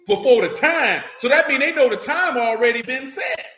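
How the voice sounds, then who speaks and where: A man with a high, bright voice preaches in a loose, conversational way. He mixes scripture reading with slangy asides to the congregation. The sound rings off an echoey room. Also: lively intonation, moderate pace. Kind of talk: informal sermon with Bible reading.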